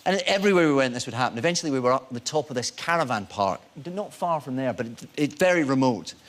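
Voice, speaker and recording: A Scottish man, a guest actor on a chat show, telling lively anecdotes and acting out the people in them. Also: mid-range voice, fast. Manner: animated storyteller, acts out voices in quotes. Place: TV studio with audience.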